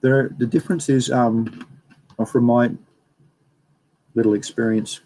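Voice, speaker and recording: A man's voice: medium pitch, fairly even intonation, unhurried, mellow, poor audio. A young man hosting a casual livestream, rambling and reading out viewer comments. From Australia. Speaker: livestream host.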